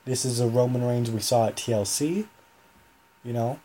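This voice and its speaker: Husky-voiced man in a rambling podcast chat. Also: mid-range voice, normal speed, warm tone. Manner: rambling, self-correcting, chatty. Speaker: podcast host. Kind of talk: casual solo podcast talk.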